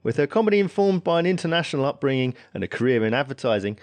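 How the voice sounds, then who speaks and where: A man's voice: medium pitch, sing-song, rapid-fire, a little mellow. A man hosting a comedy podcast, introducing his guest and asking questions in a friendly way. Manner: friendly, brief backchannels and laughs. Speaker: podcast host. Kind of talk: podcast interview.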